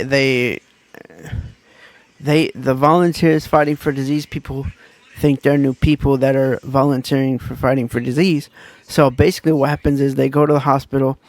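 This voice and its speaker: A man's voice: medium pitch, a little mellow, dry recording. A man giving a casual book review, retelling the plot in a rambling, loose and conversational way.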